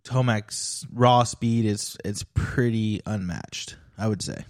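A man's voice: lowish voice, takes it slowly, a little mellow, dry recording, studio quality. A man in casual chat, laid-back, swearing freely and laughing often.

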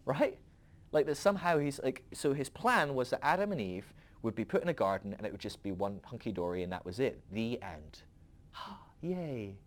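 A man's voice: mid-range voice, lively intonation, a little fast. A man hosting a podcast, talking through a rambling, conversational philosophical monologue with frequent asides to the listener. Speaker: podcast host.

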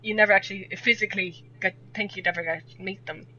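A woman's voice: medium pitch, steady tone, quick pace, bright, forceful tone, a little hiss or hum. A young Irish woman telling a rambling story in casual chat, laughing often as a podcast guest. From Ireland. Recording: dull lo-fi audio.

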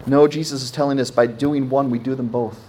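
A man's voice: mid-range voice, fairly even intonation, fairly quick, darkish tone, slight background noise. A man in his thirties, a pastor preaching a sermon in a conversational way, often asking his congregation questions.

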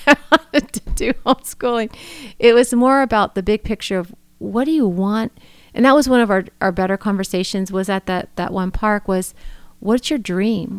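A middle-aged woman talks earnestly on a faith podcast, often circling back and restarting her sentences. Her voice is smooth and clear. The sound is close and dry. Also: mid-range voice, dry recording. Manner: earnest, emotional, rambling with restarts. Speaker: podcast co-host. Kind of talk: casual faith conversation.

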